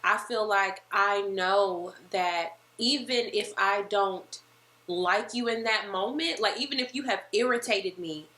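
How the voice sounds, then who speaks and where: A woman co-hosting a casual podcast chat, telling stories in an animated way and acting out the lines people said. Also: medium pitch, a little slow. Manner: animated storyteller who acts out quoted lines. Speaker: podcast co-host. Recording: roomy echo.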